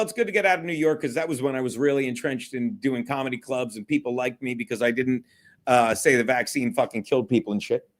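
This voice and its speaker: A man hosting a casual solo livestream, rambling, swearing a lot and laughing often. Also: medium pitch. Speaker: livestream host.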